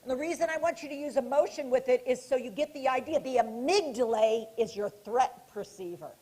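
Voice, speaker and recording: High-pitched woman giving a keynote, bossy-fun, keeps telling the crowd do this, quizzes them. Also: fairly quick. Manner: animated, directive, asks the audience questions and leads hand gestures. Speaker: keynote speaker. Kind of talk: interactive conference lecture. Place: conference hall stage.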